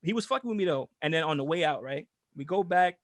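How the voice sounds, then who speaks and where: Podcast co-host, male, high voice, animated and profane storyteller, dry close sound. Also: quick pace, no room sound. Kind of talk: casual storytelling chat.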